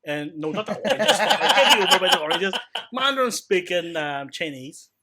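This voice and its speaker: A man from Hong Kong, a guest on a podcast, chatting casually in a lively, profane, joking way. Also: high voice, brisk, heavy background noise. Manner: lively, profane, laughs along. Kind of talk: casual chat.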